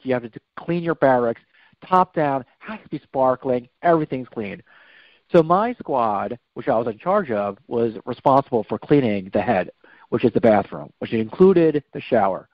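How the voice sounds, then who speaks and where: Guy telling a long story on a podcast, keeps correcting himself, mid pitch, dull dry audio. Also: no room sound. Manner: rambling, self-correcting storyteller. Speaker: podcast guest. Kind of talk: personal storytelling. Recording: slightly dull, dry recording.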